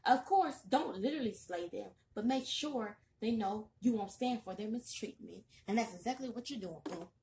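A young woman giving a casual tarot reading, chatty and sassy with loud bursts of excitement. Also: a little high, normal speed, hardly any pauses, a little hiss or hum. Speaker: tarot reader.

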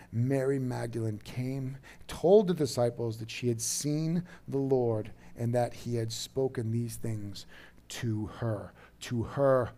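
A pastor in his thirties preaching a sermon, dropping to a soft, low voice and rising to loud, emphatic bursts. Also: a little slow.

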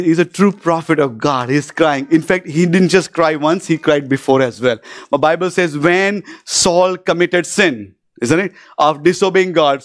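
A man's voice: fairly high pitch, dry recording, studio quality. A man preaching a fervent sermon as pastor, often breaking in with hallelujah and praise God and asking the church "isn't it?". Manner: asks isn't it of the congregation.

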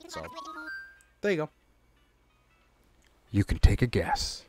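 A man's voice: medium pitch, wildly swooping pitch, faint music behind. Chatty man in his thirties streaming a game. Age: 30s. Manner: chatty, reads and answers chat aloud, quick exclamations at the game. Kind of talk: casual live-stream chat while gaming.

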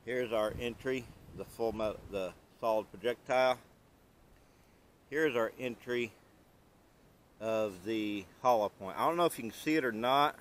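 A man hosting a casual demo vlog outdoors, explaining things in a plain, unhurried show-and-tell way. He has the hiccups. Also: mid-range voice, a little hiss or hum. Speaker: channel host.

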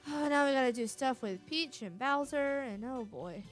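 A woman's voice: high-pitched, expressive, normal speed, soft background music. A woman giving casual gameplay commentary, blunt and swearing freely. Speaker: let's play host.

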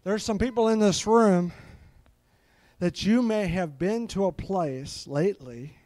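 A man's voice: high voice, unhurried, a little mellow, no room sound. A middle-aged man preaching a live sermon, fervent and peppered with hallelujahs.

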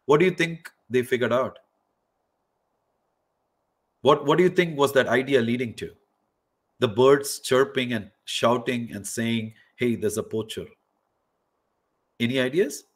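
Animated man lecturing a hackathon workshop. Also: medium pitch. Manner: animated storyteller, questions the audience, many fillers. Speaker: workshop host and professor. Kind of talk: interactive online lecture to students.

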